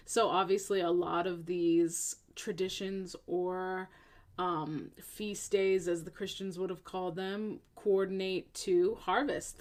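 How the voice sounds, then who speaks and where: A woman co-hosting a podcast in a relaxed, chatty way. Her voice sits a bit low, and she explains things at length, leaning on fillers and asking "right?" as she goes. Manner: chatty, explains with many fillers and tag questions. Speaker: podcast co-host. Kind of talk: casual chat. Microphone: earphones in.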